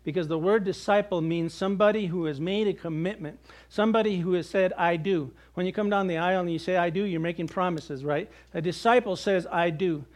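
High-voiced male preacher, conversational. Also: fairly quick. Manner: conversational preaching with jokes and acted quotes. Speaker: pastor. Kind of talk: sermon.

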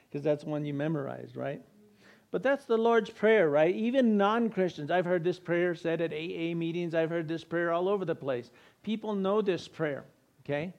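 Male pastor, higher-pitched voice, earnest preaching style. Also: normal speed, creaky, darkish tone. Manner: earnest preaching, leads congregation in prayer. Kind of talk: sermon.

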